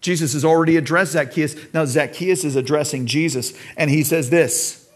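With a somewhat high voice and moderate pace, an American pastor delivers a heartfelt sermon to his church, sometimes voicing the characters in the story he tells.

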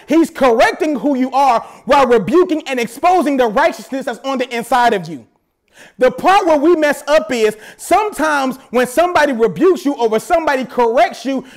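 A man preaching a sermon as pastor at a church service, animated, with playful asides. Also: very high-pitched.

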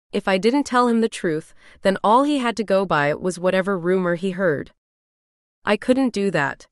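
A woman narrates a novel in the first person with an even, composed reading. Her voice is smooth and clear at a middling pitch, recorded dry and close in a studio. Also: moderate pace, no room sound. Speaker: audiobook narrator.

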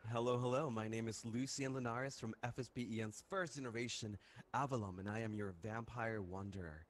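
A man giving a calm, brief introduction on a group call. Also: medium pitch, a little fast. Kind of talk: casual self-introduction.

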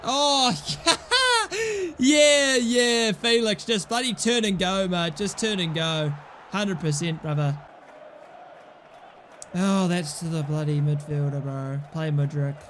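A man's voice: fairly high pitch, a little slow, a little hiss or hum. A young man giving casual commentary over his own gameplay, exasperated and sarcastic, swearing often. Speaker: gaming channel host.

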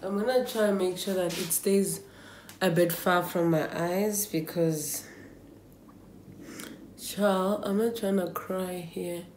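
A young woman from South Africa talks to her camera in a relaxed home vlog, thinking aloud and sounding a little nervous. Her voice sits low and mellow, and she speaks slowly. The room around her echoes. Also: a little hiss or hum. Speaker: beauty vlogger. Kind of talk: casual vlog chat to camera.

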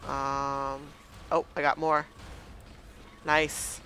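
A man's voice: medium pitch, monotone, very slow, pushed and bright, a little hiss or hum. A man doing let's play commentary, hesitantly muttering to himself as he works out the game controls. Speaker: gameplay commentator.

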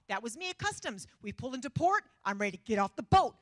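Bright-voiced woman preaching. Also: high voice, fast, hardly any pauses, no echo, studio quality. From Texas. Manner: animated, self-mocking storytelling with frequent laughter. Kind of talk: humorous sermon.

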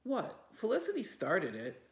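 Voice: medium pitch, huge pitch swings, measured pace, voice pushed up. A library reader voicing a mischievous girl who answers back cheekily. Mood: defiant. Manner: cheeky, defiant. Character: defiant mischievous young girl. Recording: roomy echo.

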